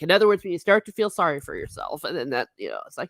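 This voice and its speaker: A woman's voice: deep voice, huge pitch swings, fast talker, gravelly, hardly any pauses, fairly bright tone, dry recording, clean studio sound. A middle-aged woman hosting a casual livestream chat, reading viewer comments and laughing often with self-mocking asides.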